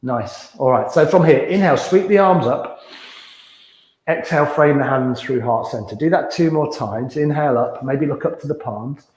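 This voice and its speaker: A man teaching a gentle beginners yoga class, calmly cueing breaths and movements and chuckling now and then. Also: mid-range voice, normal speed. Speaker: yoga instructor. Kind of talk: guided yoga class instruction. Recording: echoey room.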